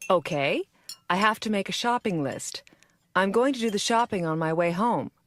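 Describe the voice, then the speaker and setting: A woman playing a practical, busy mother in a scripted textbook dialogue, speaking calmly. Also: mid-range voice, moderate pace, a little hiss or hum, natural voice. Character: busy practical mom, middle-aged.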